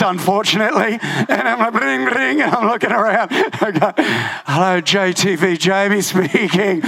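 A man preaching a sermon, telling a personal story with lively humor and frequent laughter. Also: high voice, gravelly. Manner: animated storytelling, laughing often. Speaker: pastor.

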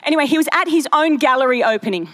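Brief: young woman, high bright voice, conversational preacher who tells stories and drops asides. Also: quick pace. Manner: chatty, storytelling, animated asides. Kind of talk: sermon.

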